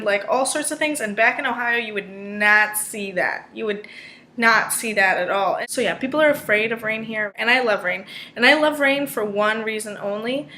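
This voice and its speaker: A woman's voice: a little high, pushed and bright, low-quality recording. A young woman chatting casually at home in a meandering, self-deprecating way, like a vlogger talking to her camera. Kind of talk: casual rambling monologue. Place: at home indoors, during a rainstorm. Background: faint rain and ambient noise.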